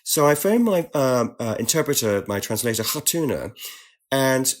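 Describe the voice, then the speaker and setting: A British man, a guest on a talk show, telling an animated story in conversation and slipping into other voices when quoting people. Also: mid-range voice, normal speed. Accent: British English. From Britain.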